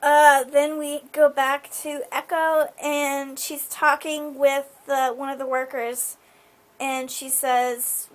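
A high-voiced woman talks through a TV episode in a loose, rambling recap. She fills her sentences with "like" and "um" as she goes. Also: level tone, slow pace. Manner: chatty, full of fillers like "like" and "um". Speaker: show recapper.

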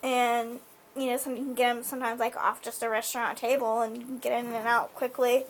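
Woman, high-pitched voice, casual episode recap, rambling, lots of filler words. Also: little pitch movement, a little fast, a little hiss or hum. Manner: chatty, full of fillers like "like" and "um". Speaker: show recapper.

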